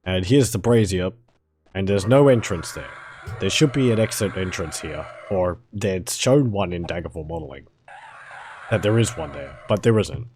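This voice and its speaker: A man with a mild Australian accent and a hoarse, fading voice, chatting casually to viewers while streaming a video game. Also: low voice, animated, normal speed, darkish tone, a little hiss or hum. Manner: chatty, rambling, talks to chat viewers.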